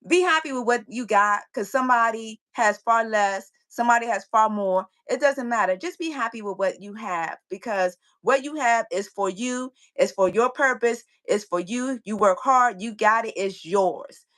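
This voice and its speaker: Bright-voiced woman giving motivational talk. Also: fairly high pitch, moderate pace, hardly any pauses, poor audio. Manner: animated, preachy, repeats key phrases. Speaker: fitness business owner, guest. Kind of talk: motivational storytelling chat.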